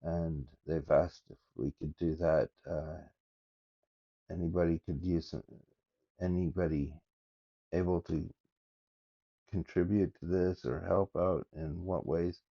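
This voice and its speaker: An older man reading scripture aloud and musing over it in a halting, thinking-aloud way, recorded on his phone. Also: low voice, steady tone, breathy edge, highs cut off. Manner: reads verses aloud with halting, thinking-aloud asides. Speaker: scripture study vlogger. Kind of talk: casual scripture study talk.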